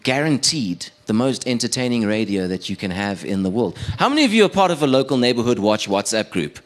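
A man performing a stand-up comedy set as a radio producer, animated, with stumbling restarts. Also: medium pitch, fairly quick.

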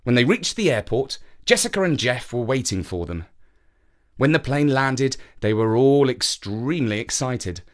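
A man presenting and reading a children's story aloud, animated and acting out the characters. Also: mid-range voice, normal speed.

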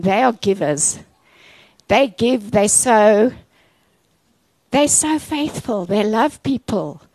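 Woman pastor, sermon, playful storytelling, gravelly, dry sound. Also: mid-range voice, no echo, poor audio. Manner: animated, playful storytelling with asides.

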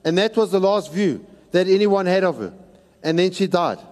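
A man preaching a sermon to a congregation, animated and at times shouting, acting out the people in his story. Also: high voice, moderate pace. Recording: long reverb of a large hall.

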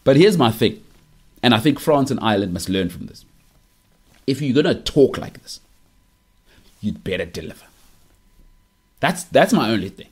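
Husky South African man, teasing and emphatic. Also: medium pitch, very animated, moderate pace, pauses often. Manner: teasing and emphatic, repeats punchlines. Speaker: podcast host. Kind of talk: opinionated monologue.

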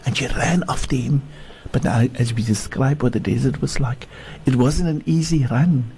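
Sheikh slowly telling a story, husky mellow voice, lots of restarts. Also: male voice, medium pitch. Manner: slow, halting, with many restarts and repeated words. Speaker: sheikh, guest speaker. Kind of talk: storytelling sermon.

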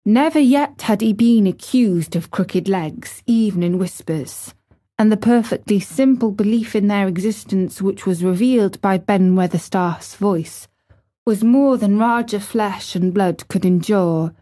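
A woman reading a classic novel aloud as an audiobook narrator, with measured, expressive storytelling. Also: medium pitch.

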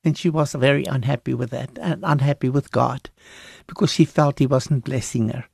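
A woman's voice: a bass voice, fairly even intonation, normal speed, vocal fry, darkish tone, husky, no echo, clean studio sound. A woman minister talking about faith in an earnest, emphatic way, often restarting her sentences as she preaches conversationally. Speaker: Christian minister, guest.

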